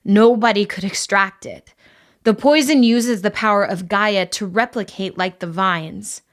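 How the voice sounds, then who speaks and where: A woman's voice: medium pitch, a little slow, close to an everyday voice. Woman doing a chatty, nervous boy. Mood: hushed.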